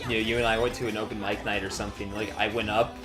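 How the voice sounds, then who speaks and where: A man co-hosting a let's play in casual post-game chat, relaxed and self-amused, with many "like"s. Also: on the low side, racing, music in the background.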